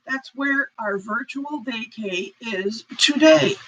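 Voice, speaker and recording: A woman's voice: on the high side, slow, background noise. A woman hosting a casual crochet live stream, rambling apologetically and reading out chat comments. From United States. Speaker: crochet channel host. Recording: dull lo-fi stream audio.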